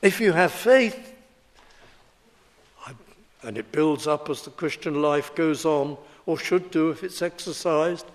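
A man in his seventies preaching a sermon in a slow, deliberate, emphatic way. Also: a little high.

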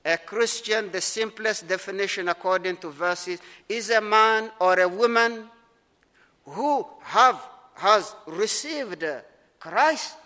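A middle-aged male pastor preaching in a church, his high, bright voice carried by a long reverb. He is earnest and emphatic, slowing down and repeating phrases to drive points home. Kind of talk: sermon. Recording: long reverb of a large hall.

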